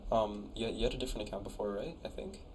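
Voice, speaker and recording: Talking fast in a voice on the low side, with slight background noise, a young college man hosts a casual live stream. He reads chat aloud in a relaxed, chatty way and sounds out the made-up words from viewers' conlangs he's reviewing.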